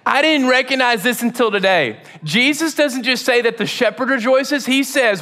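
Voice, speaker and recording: A male pastor preaches in a high, bright voice, animated and casual. He slips into slang and acts out his stories as he goes. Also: normal speed, few pauses. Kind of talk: sermon.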